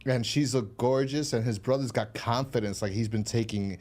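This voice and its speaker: Speaking at a moderate pace, a man with a mid-range, darkish voice recaps a horror episode for a podcast he co-hosts. The chat is casual and rambling, full of cursing and restarts.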